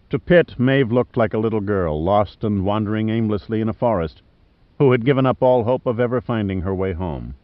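An audiobook narrator with a fairly low voice reads an adventure novel aloud in a measured, even storytelling style. The scripted narration was captured in a dry studio with no room sound, and it sounds slightly muffled.

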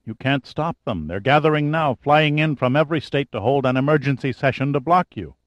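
A man's voice: medium pitch, a little fast, dry recording, highs cut off, pitched above the performer's own voice, close to an everyday voice. A man reading aloud, voicing an anxious, emotional male presidential aide who protests urgently.

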